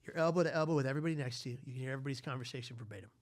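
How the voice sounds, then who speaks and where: A man from the United States, a podcast guest, telling a long story in a lively way and acting out the voices. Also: medium pitch, no echo. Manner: lively, acts out voices, quick asides. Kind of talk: animated storytelling in conversation.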